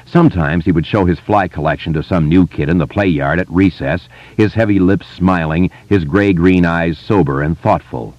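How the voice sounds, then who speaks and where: A man narrating an audiobook in an expressive, dramatic manner. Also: low voice, normal speed, hardly any pauses, no echo. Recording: slightly muffled dry studio.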